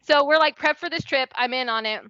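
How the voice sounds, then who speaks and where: A young adult woman, a guest on a casual podcast, tells a personal story candidly, stuffing her sentences with "like," swearing freely and acting out what people said. Her high-pitched voice is pushed and bright, and she talks fairly quickly. The podcast audio is dry and a bit dull, with no echo.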